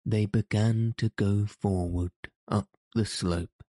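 A man narrating a classic adventure novel in a measured, even way. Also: on the low side, no echo, clean studio sound. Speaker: audiobook narrator.

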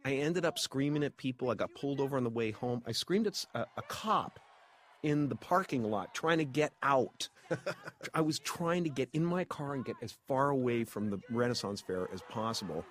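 A man on a film commentary track, telling stories in an excitable, animated way. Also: medium pitch, normal speed. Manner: animated, excitable storyteller with wild swings. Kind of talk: casual commentary chat.

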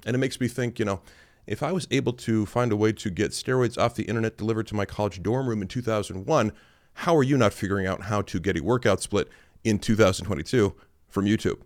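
Speaking fast in a fairly low voice, this roughly forty-year-old podcast host and lifting coach rambles through a laid-back monologue. He's blunt and sarcastic, tossing in casual filler words.

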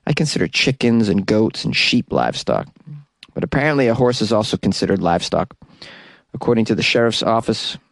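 A man's voice: mid-range voice, dry recording, clean studio sound. A man hosting a comedic weird-news podcast, sarcastic and laughing often at his own jokes. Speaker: podcast host.

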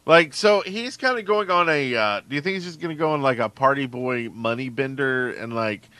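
A man's voice: medium pitch, moderate pace, hardly any pauses, no room sound. Joking man on a dry podcast mic. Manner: joking, rambling, trails off quietly. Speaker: podcast co-host. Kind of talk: casual chat.

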